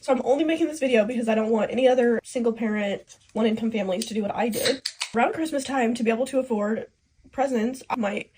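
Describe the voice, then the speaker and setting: A woman's voice: a little high, fast talker, noisy background. A single mother venting emotionally in a casual, rambling vlog. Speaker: single parent vlogger.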